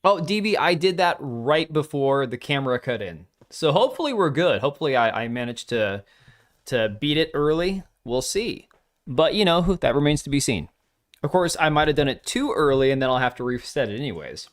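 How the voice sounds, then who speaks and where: Speaking briskly and very animatedly in a mid-range voice, a middle-aged streamer runs his live show from home. He's tired and sore, but chats loosely, cracks jokes, chuckles and swears in a casual way.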